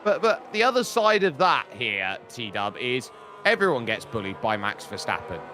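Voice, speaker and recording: A man commentating a sim racing event, talking loosely with fillers and rising to shouts when the action picks up. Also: mid-range voice, very animated, moderate pace, a little hiss or hum. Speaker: race commentator.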